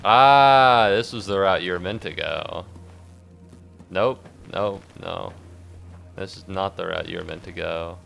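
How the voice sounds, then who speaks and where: A man giving rambling, jokey commentary while streaming a game, breaking into squeaky outbursts. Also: steady tone, measured pace, creaky, long pauses, a bit bright, faint music behind. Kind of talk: casual gaming commentary.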